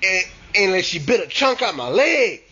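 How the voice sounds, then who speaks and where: A man with a very high, bright voice tells a scary story. His pitch leaps all over as he acts out the screams. The recording is dull and lo-fi, with faint noise underneath. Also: big pitch swings, moderate pace, slightly rough. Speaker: vlogger. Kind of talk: casual spooky storytelling.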